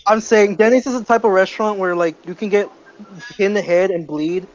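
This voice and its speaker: High-voiced teen guy telling a story. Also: fairly quick, dull audio, slight background noise. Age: teens. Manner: animated, swears freely. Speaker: podcast co-host. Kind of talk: casual storytelling.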